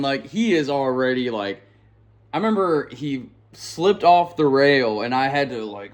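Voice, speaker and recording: Guy, loose rambling storyteller, slangy, chuckling, mid pitch. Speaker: channel host and storyteller. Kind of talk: casual storytelling to camera. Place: at home with pets nearby.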